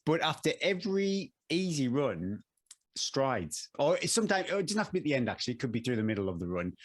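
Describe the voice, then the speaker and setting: A man co-hosts a relaxed running podcast. He talks in an easygoing, self-deprecating way at an ordinary middle pitch. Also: fast. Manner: easygoing, self-deprecating, laughs at own jokes. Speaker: podcast co-host. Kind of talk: casual chat.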